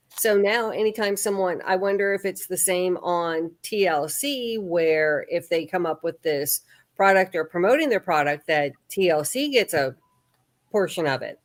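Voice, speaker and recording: A woman muses and tells a story in a casual chat. She speaks at a middle pitch. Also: moderate pace. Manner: musing, storytelling.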